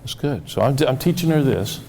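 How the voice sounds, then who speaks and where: A man telling stories from his therapy cases, halting and repeating words as he acts out quoted dialogue. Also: medium pitch, animated, a little mellow, slight background noise. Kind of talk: storytelling talk.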